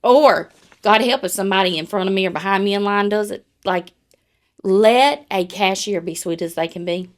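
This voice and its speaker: A woman's voice: mid-range voice, moderate pace. A woman, co-hosting a podcast in casual, blunt, profane chat. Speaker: podcast co-host.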